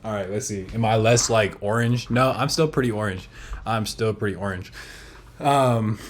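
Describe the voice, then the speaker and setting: A man's voice: on the low side, moderate pace, slight background noise. A man streaming a casual, slangy, profane reaction commentary to an interview, often laughing at his own jokes.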